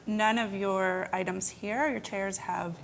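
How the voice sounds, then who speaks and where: Relaxed woman reading out questions. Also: mid-range voice, slow pace, gravelly, slight background noise. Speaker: workshop moderator relaying questions. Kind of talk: casual questions.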